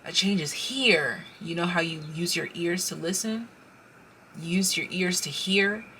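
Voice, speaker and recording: A woman with a low-pitched voice reads tarot cards for the viewer in a loose, chatty way. She often breaks off to exclaim over the cards she turns up. Her tone is bright and sharp, and her speech rambles and restarts. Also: measured pace, slight background noise. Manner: excitable, exclaims and interrupts herself while pulling cards; speaks straight to the viewer in the second person. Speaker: tarot card reader. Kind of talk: casual pick-a-card tarot reading.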